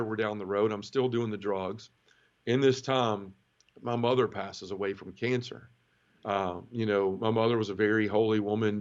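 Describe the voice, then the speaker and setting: Middle-aged guy from the south telling his conversion story, lowish voice, kinda muffled lo-fi sound, keeps stopping and restarting. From Memphis area, southern United States. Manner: emotional, halting, with many restarts. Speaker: guest. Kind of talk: personal testimony in a conversational interview. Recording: dull lo-fi audio.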